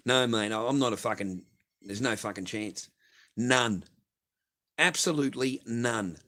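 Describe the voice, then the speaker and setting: With an Australian accent, this middle-aged livestream host reads out viewer messages and answers bluntly, with plenty of profanity and rambling. His mid-range voice is sharp in tone, unhurried, and he pauses often.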